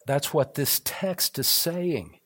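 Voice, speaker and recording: Earnest older pastor preaching. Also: male voice, a little high, animated, slow pace, fairly bright tone. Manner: earnest, building to emphatic repetition. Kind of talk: sermon. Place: church, evening service.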